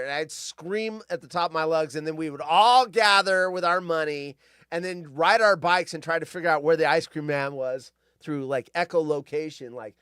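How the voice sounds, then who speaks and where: Hosting his show, a Californian in his fifties rambles casually through nostalgic stories and side tangents. He speaks at a moderate pace in a high, fairly bright, clean-toned voice, recorded in clean studio sound without echo.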